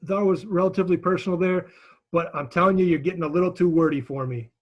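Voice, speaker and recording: A man's voice: sits high, fast, dull audio. A male instructor coaching students through sales calls on a video call, direct and encouraging, with frequent restarts.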